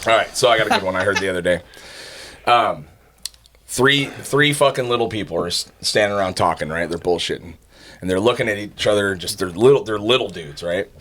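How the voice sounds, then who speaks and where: A man's voice: fairly low pitch, fairly quick, fairly bright tone, a little hiss or hum. A man co-hosting a podcast, telling a long, profane joke in a loose, casual way with frequent laughs. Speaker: podcast co-host.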